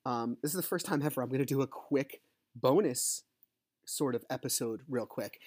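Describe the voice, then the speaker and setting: A podcast host and divorced dad launches into a casual, rambling rant about his custody battle, cursing and cutting himself off in agitation. His voice is medium-pitched, darkish, and husky at a normal speed, recorded in a studio with no echo.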